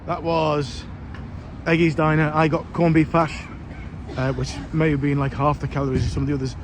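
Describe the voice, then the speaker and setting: A man's voice: fairly high pitch, flat delivery, moderate pace. A man in a casual travel vlog, talking in a chatty, jokey, self-deprecating way, sounding tired. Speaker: vlogger. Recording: loud street and crowd noise.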